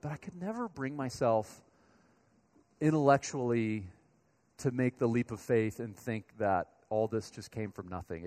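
A pastor from Colorado giving a sermon, speaking to the congregation in a conversational, storytelling way. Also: male voice, medium pitch, a little mellow. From Colorado, USA.

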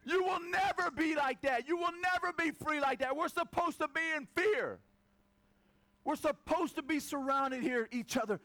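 A man voicing a flock of fearful, bossy chickens that shout down the eagle. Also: extremely high pitch, moderate pace, creaky, voice pushed up, exaggerated voice. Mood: scolding. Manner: shouting, mocking. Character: scolding fearful farmyard chickens, loud and bossy.

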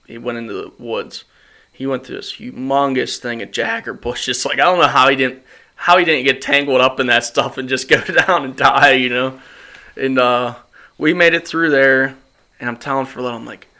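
Bright-voiced guy on a podcast telling a hunting story, laughs a lot and does the voices of his buddies. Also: medium pitch. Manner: animated storyteller, acts out quotes, laughs often. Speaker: podcast host. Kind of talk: casual hunting story chat. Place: studio.

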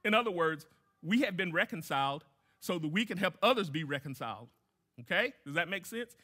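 Guy preaching a sermon, kinda high bright voice, keeps repeating lines, asks the crowd questions. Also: lively intonation, brisk. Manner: emphatic, repeats key phrases. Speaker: guest pastor.

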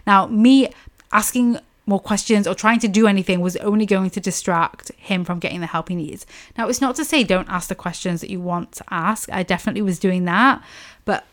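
A woman's voice: medium pitch, a little fast. A woman in her thirties telling a personal story as a podcast host, candid and casual, swearing now and then. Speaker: podcast host and business coach.

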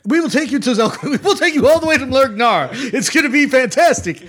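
A man voicing a boastful older male river barge captain who rambles through a salesman's pitch, as an impression of a well-known public figure. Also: expressive, fast. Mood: wheedling. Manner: rambling salesman patter, loud and emphatic.

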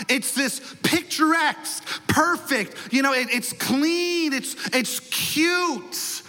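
A man in his thirties, a pastor giving an animated sermon in a large church, with playful asides and mock voices. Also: extremely high pitch, big-room sound. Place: large church hall with congregation.

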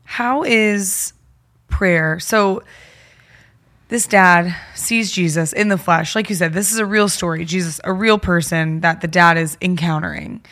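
A woman's voice: on the low side, a little slow, fairly bright tone. Attentive woman co-host asking questions. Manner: attentive, affirming, asks questions. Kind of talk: podcast discussion.

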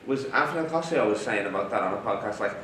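A man's voice: on the low side, expressive, fast talker, a bit bright, a little hiss or hum. A man co-hosting a casual podcast, joking, swearing and laughing loosely. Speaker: podcast co-host. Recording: echoey warehouse, mic at a distance.

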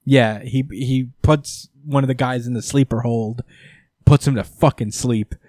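A man's voice: medium pitch, fairly even intonation, a little slow, mellow, no room sound, studio quality. A man hosting a casual chat, retelling a comic story with profanity, laughter and enthusiasm. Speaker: podcast host recapping comics. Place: lives in New York.

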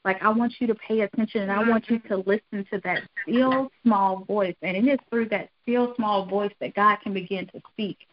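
A woman's voice: medium pitch, steady tone, normal speed, few pauses, highs cut off. Earnest woman giving devotional talk. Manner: earnest, repetitive, encouraging. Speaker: devotional speaker.

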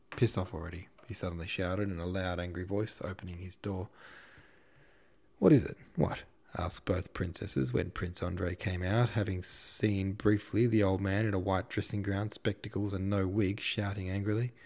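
Man, audiobook narration, very low voice, gravelly texture. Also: darkish tone. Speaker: audiobook narrator and podcast host.

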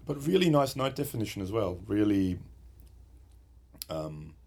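A man's voice: lowish voice, big pitch swings, a little slow, gravelly, darkish tone. A man co-hosting a casual chat, rambling and joking as he talks. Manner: rambling, chatty, jokey. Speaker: podcast co-host. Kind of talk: casual chat about guitar pedals.

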